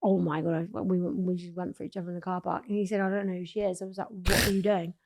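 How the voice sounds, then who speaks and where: A young woman from England, guest on a talk show, telling stories in animated casual chat and swearing freely. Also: fairly low pitch, very fast, vocal fry.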